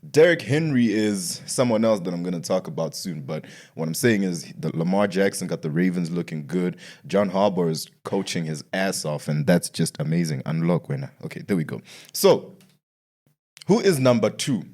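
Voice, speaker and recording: A man's voice: sits low, lively intonation, normal speed, a little mellow. A man hosting a casual sports podcast, ranting and repeating himself with slangy asides.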